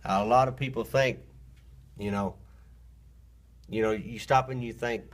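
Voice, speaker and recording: A singer-songwriter speaking slowly and earnestly to the camera from an indoor recording studio. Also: male voice, medium pitch, fairly even intonation. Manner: slow, earnest, reverent talk. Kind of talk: casual spoken intro to camera. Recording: loud piano music in the studio.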